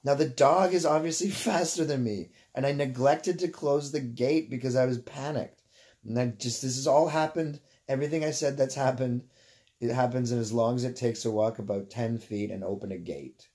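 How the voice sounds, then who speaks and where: A man's voice: mid-range voice, normal speed, darkish tone. A Canadian man telling a story casually, swearing freely and wandering off on tangents. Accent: Canadian English. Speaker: vlogger.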